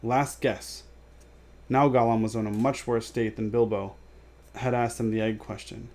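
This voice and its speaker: A man reading a storybook aloud as a storyteller, steady and measured, with offhand asides. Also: lowish voice.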